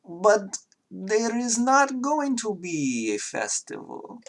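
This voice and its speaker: Male performer as a young giantess, put-on Russian accent, raised pitch, slow lines. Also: wildly swooping pitch, a bit bright, exaggerated voice. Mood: wistful.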